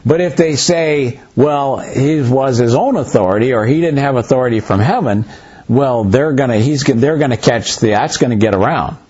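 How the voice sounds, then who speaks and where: A man's voice: mid-range voice, moderate pace, darkish tone, slightly rough. A man leading a conversational Bible study, telling stories animatedly and acting out bits of dialogue, with loose restarts as he talks. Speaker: pastor or Bible teacher. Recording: muffled lo-fi recording.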